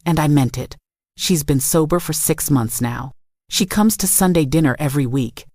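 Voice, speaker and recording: Woman reading a storytime, low voice, steady, dry close sound. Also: normal speed, dry recording. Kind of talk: scripted first-person narration.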